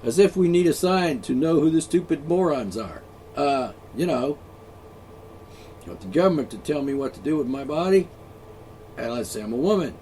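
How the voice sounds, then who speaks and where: A man in the middle of an angry solo rant, swearing freely and dripping with sarcasm. His pitch jumps all over the place as he mocks the people he is fed up with. A faint hiss of noise sits under the recording. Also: animated, normal speed, dark tone. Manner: profane, sarcastic, mocking. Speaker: ranting vlogger.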